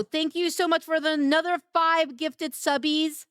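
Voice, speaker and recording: A woman's voice: high voice, fairly even intonation, measured pace, few pauses, a bit bright, a little hiss or hum. A woman streaming live, chatting casually with her viewers in a flirty, teasing, playful way. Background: music.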